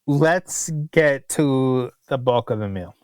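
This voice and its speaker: A man's voice: medium pitch, lively intonation, slow pace, clean tone, no room sound. A man co-hosting a podcast and telling a long restaurant story in casual chat, with exasperated asides. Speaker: podcast co-host, restaurant critic.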